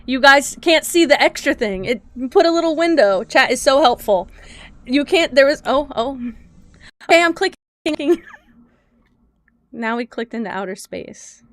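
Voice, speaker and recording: Woman streamer, higher voice, flustered and jokey, chatting to viewers at her desk mic. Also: animated, measured pace, long pauses, fairly bright tone, no echo. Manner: flustered and joking, swears, talks to chat. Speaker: livestreamer. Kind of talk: casual live-stream chat.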